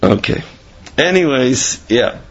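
A religious teacher with a mid-range voice, lively intonation and vocal fry gives a slow, rambling, conversational Torah class full of fillers, restarts and Hebrew terms. The sound is lo-fi.

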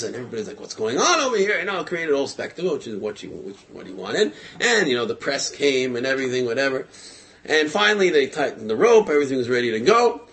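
A man telling a parable to a group in an animated storytelling talk, repeating words for effect. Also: mid-range voice.

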